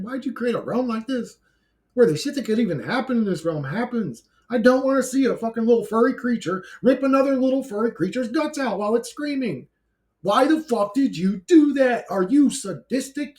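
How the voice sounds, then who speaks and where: Brash swearing man ranting, lively high voice. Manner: brash, blunt, heavy swearing, laughs between rants. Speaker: YouTuber. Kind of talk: profane ranting monologue.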